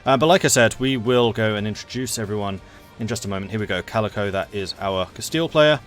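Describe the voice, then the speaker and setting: A man with a lowish, fairly bright voice talks fast while hosting and commentating a multiplayer strategy game stream, with soft music in the background. He's chatty and enthusiastic and laughs easily.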